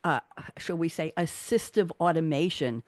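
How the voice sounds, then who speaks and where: A woman hosting a radio talk show, chatty and animated, jumping between asides. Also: low voice, moderate pace, no echo. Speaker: host.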